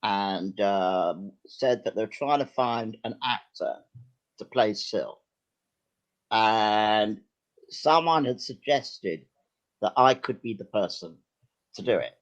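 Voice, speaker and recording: An older man, a guest actor and writer, telling lively, self-deprecating anecdotes with some hesitation in casual chat. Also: lowish voice, slow pace, dull audio.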